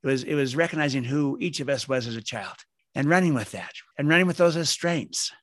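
A man's voice: mid-range voice, a little fast, a bit bright, no echo. Male author guest, earnest storyteller, close dry mic. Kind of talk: podcast interview.

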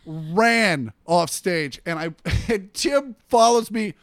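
A man's voice: high-pitched, slow, no room sound, clean studio sound. A middle-aged male comedian telling stories in casual podcast chat, acting out the voices of the people in them. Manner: animated storyteller acting out quotes.

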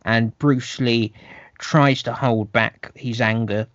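A man's voice: mid-range voice, fairly even intonation, slow pace, fairly bright tone, no echo. A man co-hosting a casual podcast, recapping a film in a rambling way with many restarts. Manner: rambling, restarts, puts on quoted voices. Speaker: podcast co-host. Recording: dull, slightly muffled, dry sound.

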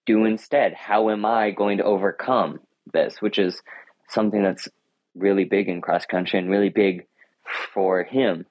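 A man's voice: fairly low pitch, dry recording, dull audio. A teenage boy answering interview questions in a thoughtful, earnest way, often restarting his sentences. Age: teens. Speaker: high school runner and guest.

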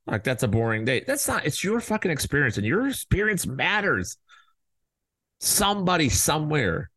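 A fired-up male podcast host with a lowish voice, talking straight into a close mic. He is blunt and profane and jumps into loud mocking voices. The sound is dry and close. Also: gravelly, dry recording. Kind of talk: fired-up opinion monologue.

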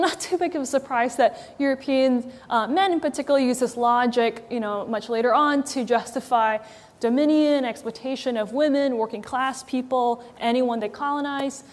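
Chatty woman preaching in a reverberant hall. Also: on the high side. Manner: chatty and wry, frequent ums and likes. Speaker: preacher, church executive director. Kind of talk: casual conversational sermon. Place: church meeting hall with live audience.

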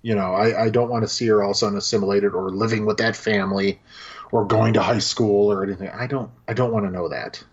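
A man co-hosting a casual film podcast, talking with animated energy, swearing freely and acting out lines from scenes. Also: lowish voice, fast talker, slightly rough, lo-fi sound. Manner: animated, swears, acts out quotes. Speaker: podcast co-host.

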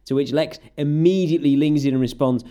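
A man's voice: a little high, fairly quick, warm tone, clear, resonant tone, dull audio. A man recapping wrestling in casual podcast chat, sarcastic and often laughing. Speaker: podcast co-host.

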